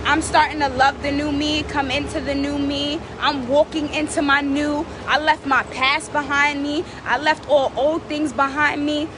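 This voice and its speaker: A woman's voice: high-pitched, level tone, a little slow, hardly any pauses, noisy background. A woman vlogger giving fervent, preachy encouragement, repeating phrases for emphasis. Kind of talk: casual inspirational talk.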